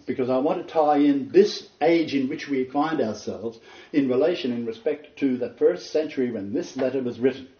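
Older male preacher, earnest and emphatic lecture delivery, mellow tone, echoey room recording. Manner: earnest and emphatic, pitch leaping on stressed words, rambling asides. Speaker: preacher giving a Bible lecture. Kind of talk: informal sermon lecture to a small group. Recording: roomy, distant, dull lo-fi.

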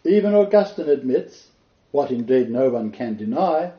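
A man's voice: mid-range voice, sing-song, normal speed, reverberant, muffled recording. A man giving sermon-style Bible teaching, reading quotations with expression and adding his own asides. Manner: reads poetry and quotes expressively, then comments in asides.

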